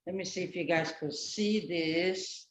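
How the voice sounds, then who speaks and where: A woman telling a children's story at church over a video call, animated and expressive, asking the children questions. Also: on the low side, unhurried, reverberant.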